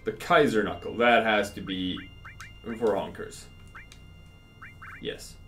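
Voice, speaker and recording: A man's voice: on the low side, fairly even intonation, slow pace, a bit bright, far from the mic, soft background music, poor audio. A man giving casual, chatty gameplay commentary. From Sweden. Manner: explaining, chatty. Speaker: let's play host.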